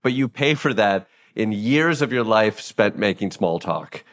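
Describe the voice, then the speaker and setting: Young man, from the Midwest, co-host, wry and joking, lowish voice. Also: animated, a bit bright. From Midwest, USA. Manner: wry, joking, fast riffs. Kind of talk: casual conversation.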